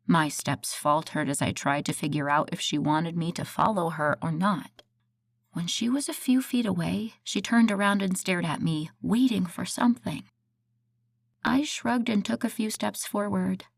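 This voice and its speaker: A woman's voice: lowish voice, vocal fry, dry recording. Woman narrating an audiobook, dry close sound. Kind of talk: first-person audiobook narration.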